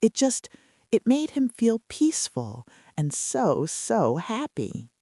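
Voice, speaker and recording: A woman narrating a bedtime story in a soft, chatty way with casual fillers. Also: fairly high pitch, wildly swooping pitch, takes it slowly, slightly rough, no echo, clean studio sound.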